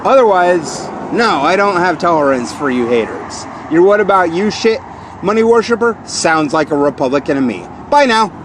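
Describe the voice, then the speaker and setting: A man in his forties with a high-pitched voice, venting a repetitive, accusing rant. He keeps hammering the same lines and keeps pushing himself louder. Loud traffic noise rumbles behind him outdoors. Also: animated, normal speed. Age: 40s. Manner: repetitive, accusing, escalating into shouted outbursts. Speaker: vlogger. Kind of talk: angry rant to camera.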